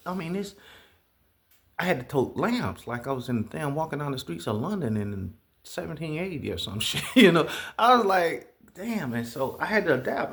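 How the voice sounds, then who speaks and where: A man telling stories in a casual monologue, profane and animated, imitating the sounds he describes. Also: mid-range voice, creaky. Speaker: vlogger.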